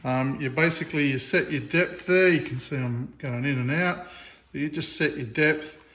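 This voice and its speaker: Chatty farmer, fairly high voice. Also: male voice, moderate pace, a little hiss or hum. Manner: relaxed, chatty, with fillers. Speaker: farmer and video host. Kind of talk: casual how-to demonstration.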